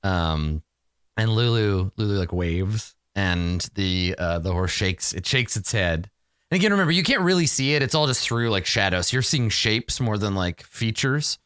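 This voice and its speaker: Male game master, rambling and animated in pitch, laughs a lot. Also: normal speed, clean tone, no echo, studio quality. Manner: chatty, rambling, laughs often. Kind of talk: narrating a tabletop game.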